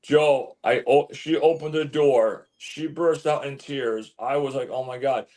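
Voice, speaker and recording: A man telling a story as an interview guest, animated, stumbling and repeating words as he goes. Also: medium pitch, measured pace. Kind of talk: casual storytelling.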